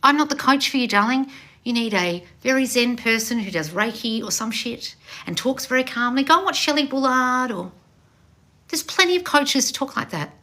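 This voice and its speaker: Loud, blunt woman coach with a bright voice. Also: on the high side. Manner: loud, passionate and blunt, swears freely; calls listeners darling, sassy and confrontational. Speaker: manifestation coach. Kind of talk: live-streamed coaching with read-out viewer questions.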